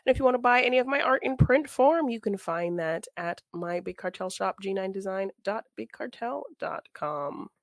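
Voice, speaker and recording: A woman co-hosting a podcast in casual chat, teasing and quick to giggle. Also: medium pitch, lively intonation, creaky, dry recording, clean studio sound. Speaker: podcast co-host.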